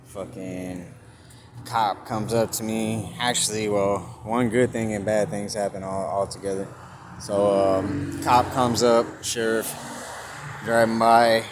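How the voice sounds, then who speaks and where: In a store parking lot, a Californian vlogger casually retells a story to his phone camera, playing both sides of the conversation and swearing loosely. His voice is lowish, slow, and fairly even. Passing traffic makes the outdoor recording noisy.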